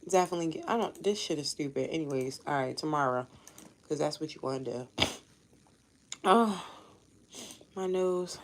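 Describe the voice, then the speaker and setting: A woman's voice: sits low, normal speed, pauses often, slight background noise. A woman tarot reader, chatting casually and bluntly on a live stream at home and swearing freely. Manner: blunt, swears freely, talks to family off-mic. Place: home room.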